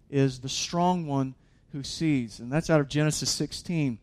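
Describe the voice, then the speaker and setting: Earnest man preaching a sermon, slightly high voice. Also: measured pace, a little mellow. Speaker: pastor.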